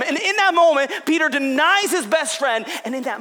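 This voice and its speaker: A man preaching a sermon, retelling a scripture story and acting out its dialogue, sometimes dropping to a hushed whisper. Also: very high-pitched, animated, moderate pace, hardly any pauses. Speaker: pastor.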